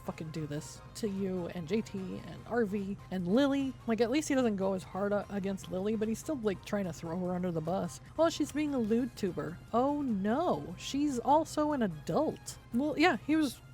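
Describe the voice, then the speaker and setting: A woman's voice: mid-range voice, expressive, moderate pace, hardly any pauses, dark tone, faint music behind. A woman streamer giving heated, profane, sarcastic commentary on a livestream while reading through a document.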